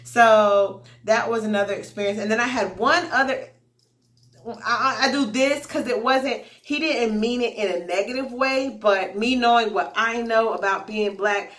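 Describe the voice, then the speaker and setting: An American woman who teaches English online chats casually about her students, talking directly to her viewers in a vlog. Her voice is on the high side, her pace normal, and her manner animated and talkative.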